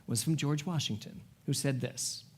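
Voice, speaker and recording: A man in his forties, a spiritual director, giving a sermon to a congregation with animated, humorous storytelling. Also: medium pitch, normal speed, breathy edge. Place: church service before a congregation.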